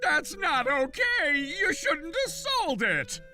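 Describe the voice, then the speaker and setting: A man acting out a frantic, scheming office worker in a cartoon story. He is loud in his demands and pushy, and his voice sits high and bright with big leaps in pitch. Faint music plays underneath. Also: very animated, measured pace, heavily acted.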